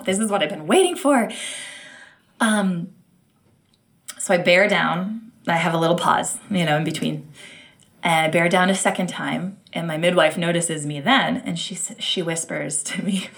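A woman from the United States telling her birth story in an interview, animated, acting out quotes and laughing often. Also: on the low side, moderate pace. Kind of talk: emotional personal storytelling.

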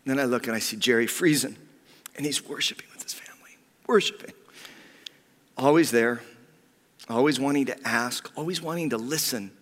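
A man preaching a sermon as pastor, heartfelt and personal, often sinking to a hushed whisper. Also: medium pitch, a little fast. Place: church sanctuary. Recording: long reverb of a church hall.

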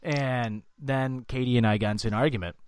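A young man co-hosting a podcast, telling loose, profane stories in casual chat and loudly acting out what people said. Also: mid-range voice, fairly even intonation, fairly quick, clean tone, no room sound. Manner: swearing storyteller, acts out quotes loudly. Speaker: podcast co-host.

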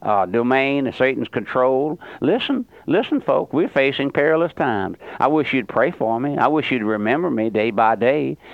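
A man's voice: mid-range voice, normal speed, creaky, hardly any pauses, dry recording. An older man preaching a fiery radio sermon, with sudden emphatic rises. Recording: dull lo-fi radio broadcast.

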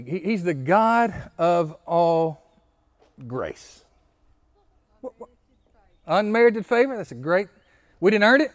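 A male pastor giving an interactive sermon, often asking the congregation questions, repeating key phrases and stammering through restarts. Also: sits high.

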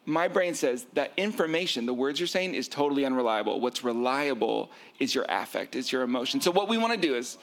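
Gravelly-voiced male marriage therapist. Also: medium pitch, animated, fairly quick, few pauses, a bit bright. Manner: acts out quoted arguments, self-described nerding out. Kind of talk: animated explanatory talk.

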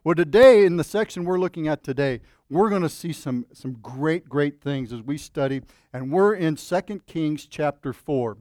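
A man's voice: fairly high pitch, animated, moderate pace, few pauses, darkish tone, dry recording, studio quality. A man preaching as a pastor at a church service, praying earnestly and then telling a folksy joke with many fillers and restarts. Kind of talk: sermon with opening prayer.

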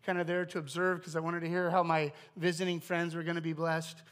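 A middle-aged man preaching in a relaxed, conversational sermon, his voice sitting noticeably high for a man. He talks earnestly, often stopping to restart his sentences and filling pauses with ums and uhs. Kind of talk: informal sermon.

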